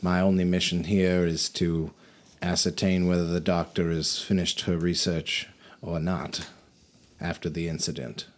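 Game master, male, lowish voice, chatty, laughs easily between lines. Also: flat delivery, unhurried. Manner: laughs often, voices characters. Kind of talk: narrating a tabletop game.

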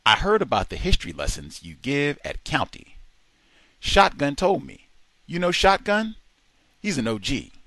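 A man voicing a tough, swaggering male convict with a heavy Spanish accent and rough, profane talk. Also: fairly high pitch, sing-song, moderate pace, pushed and bright, no echo, voice pushed up, exaggerated voice. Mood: streetwise.

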